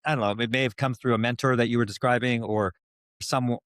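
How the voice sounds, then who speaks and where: A man's voice: mid-range voice, steady tone, brisk, no room sound, clean studio sound. A man hosting a podcast, asking rambling questions and summing up the talk with frequent restarts. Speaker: podcast host. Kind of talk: casual podcast interview.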